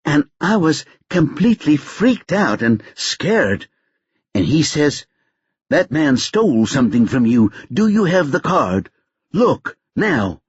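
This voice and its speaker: Male reader playing a panicky American woman, rushed and rambling, higher-pitched and a little husky. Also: no room sound, exaggerated voice. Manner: fast, breathless, rambling. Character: anxious American woman talking in a rush. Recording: dull lo-fi dry recording.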